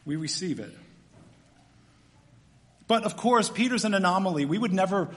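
Male pastor, high voice, animated sermon delivery, long church-hall reverb. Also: moderate pace. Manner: animated, swings from loud emphatic to quiet and soft.

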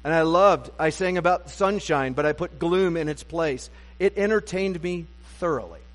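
A man's voice: on the high side, moderate pace. A pastor preaching a sermon to his congregation, conversational and self-deprecating with wry humor, recorded in a church sanctuary. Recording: long reverb of a church sanctuary.

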